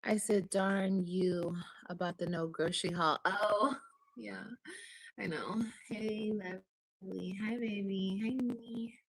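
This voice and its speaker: Chatty woman vlogger at home, kinda husky, talking to her viewers. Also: medium pitch, fairly even intonation, slow, low-quality recording. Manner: chatty, talks to viewers and reads comments. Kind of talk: casual chat.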